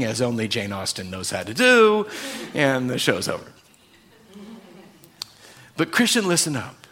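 A man's voice: on the high side, fairly bright tone. Man preaching a conversational sermon. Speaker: pastor.

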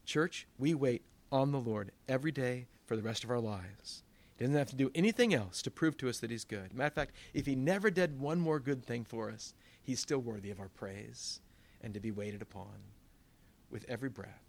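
A man, a pastor, preaching a sermon in a conversational way, with asides and quick backtracks. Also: mid-range voice, vocal fry.

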